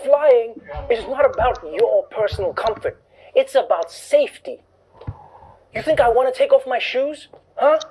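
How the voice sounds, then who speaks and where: A man's voice: very high voice, expressive, unhurried, darkish tone, husky, low-quality recording. Sarcastic male comedy host. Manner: sarcastic, acts out voices for punchlines. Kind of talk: scripted stand-up commentary.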